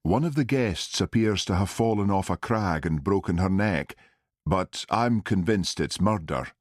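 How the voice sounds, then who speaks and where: A man's voice: low voice, animated, measured pace, no room sound, clean studio sound. A man voicing a weary but firm village policeman in an audiobook.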